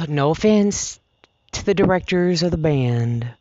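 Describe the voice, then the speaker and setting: Teen kid ranting on a podcast, sassy and swearing a lot, slow drawly delivery, dull lo-fi audio. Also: mid-range voice, darkish tone, no echo. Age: teens. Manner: profane, dramatic, sassy. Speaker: high school student podcaster. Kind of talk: casual rant.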